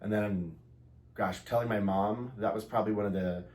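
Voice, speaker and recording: A man's voice: on the low side, normal speed. A man, a podcast guest, telling personal stories casually and acting out others' voices with frequent laughter. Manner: animated, acts out quoted voices, laughs often. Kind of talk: casual storytelling.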